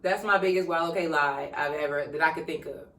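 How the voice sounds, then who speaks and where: A woman's voice: low-pitched, a little fast, fairly bright tone, far from the mic. A woman in her twenties co-hosting a podcast, telling stories in a brash, profane way and acting out the voices of the people in them. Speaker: podcast co-host. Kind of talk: casual chat. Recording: roomy, from away from the mic.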